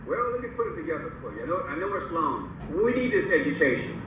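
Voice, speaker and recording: A man explaining things to camera in a lively, lecturing way. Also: on the high side, quick pace, very echoey, recorded from a distance, lo-fi sound, background noise. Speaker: vlog host.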